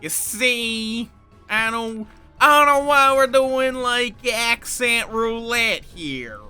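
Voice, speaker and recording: Guy streaming a game, high bright voice, slow rambly playful chatter, quiet music behind. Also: animated, smooth. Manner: rambling, playful, self-deprecating, chats with viewers. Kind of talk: casual livestream chat over gameplay.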